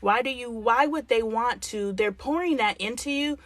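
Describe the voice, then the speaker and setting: A woman's voice: on the high side, normal speed, dry recording. Blunt woman giving frank life advice. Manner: blunt, frank, with mild swearing; acts out lines of dialogue she is quoting. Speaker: host. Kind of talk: live-stream advice talk.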